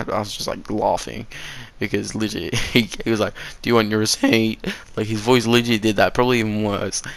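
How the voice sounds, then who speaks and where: A man's voice: fairly low pitch, creaky, a bit bright. A teenage boy telling a rambling, sweary story about his first work shift, laughing at his own slips. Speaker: vlogger. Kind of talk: casual story time.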